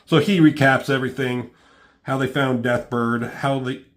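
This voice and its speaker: A man's voice: medium pitch, steady tone, normal speed. A man casually reviewing a comic book, rambling with lots of ums and swearing freely.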